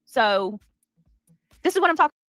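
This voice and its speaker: Lively high-voiced woman streamer. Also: moderate pace, no echo, studio quality, soft background music. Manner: chatty, reads out and thanks viewers. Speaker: livestream host. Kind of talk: casual livestream commentary.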